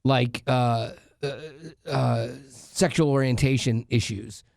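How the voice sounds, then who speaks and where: A man's voice: mid-range voice, fairly even intonation, slow pace, gravelly, a little mellow, no echo. A man hosting a radio show, chatting casually and rambling with lots of fillers. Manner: rambling, many fillers and restarts. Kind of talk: casual chat. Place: radio studio.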